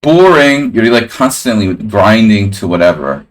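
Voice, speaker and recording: Male chess streamer, very low voice, loose rambling live commentary to chat. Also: lively intonation, a little slow. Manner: casual, rambling, talks to chat.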